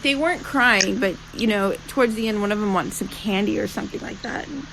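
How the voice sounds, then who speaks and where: A woman's voice: mid-range voice, a little fast. A woman chatting casually, rambling with many restarts as she tells a story. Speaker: podcast co-host. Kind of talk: casual chat. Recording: noisy room ambience.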